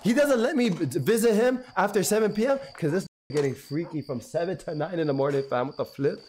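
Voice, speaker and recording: A hoarse young man streaming a game live, chatting excitably and slangily with his viewers. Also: high-pitched, brisk. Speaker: gaming streamer. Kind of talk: live gameplay commentary. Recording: noisy stream audio with clicks.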